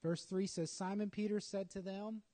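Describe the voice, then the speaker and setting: A man's voice: high voice, level tone, normal speed, dark tone. A man preaching a sermon, telling a story dramatically with acted asides.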